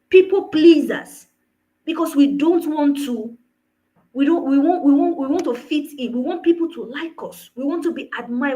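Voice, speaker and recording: A woman's voice: high-pitched, warm tone, poor audio. A woman coach giving an earnest motivational talk, often checking in with her listeners through rhetorical questions. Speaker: personal development coach.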